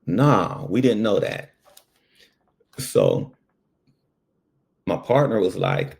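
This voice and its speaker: A man's voice: fairly low pitch, very slow, creaky, pauses often. A man and former ambulance worker telling a personal story in a casual way, full of fillers and asides. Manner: animated, lots of fillers.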